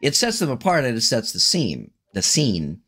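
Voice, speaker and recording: Brief: male co-host, animated and profane, lively voice that rises and falls. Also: mid-range voice, moderate pace, slightly rough. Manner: swearing, animated, hesitant fillers. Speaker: podcast co-host. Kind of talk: casual chat.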